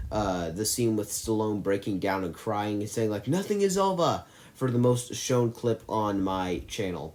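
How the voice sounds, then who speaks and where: Male movie-channel host, low-ish voice, casual ranking chat, keen and rambling. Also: darkish tone. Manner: enthusiastic, rambling with frequent restarts.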